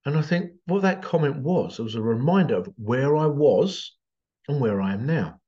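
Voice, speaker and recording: Guy rambling through a story, animated, mid pitch, kinda muffled. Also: normal speed. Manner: animated, conversational, acts out quotes. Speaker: vlogger. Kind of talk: casual storytelling monologue.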